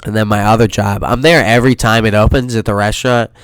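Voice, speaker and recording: A young man with a stuffy nose ranting alone in his bedroom for a solo podcast, swearing and flaring into loud outbursts. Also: fairly low pitch, steady tone, fast, clear, resonant tone, dry recording, clean studio sound. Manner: profane, heated ranting with sudden loud outbursts. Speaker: podcast host.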